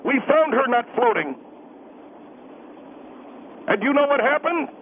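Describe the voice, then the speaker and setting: A man putting on a smug, lecturing middle-aged radio guest with a very high, lively voice that swoops as he needles and mocks. He talks down to everyone. The voice comes through a tinny, hissy phone line. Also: a little slow. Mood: mocking. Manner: pompous, needling, repeats himself to mock. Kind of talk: comedy call-in radio bit.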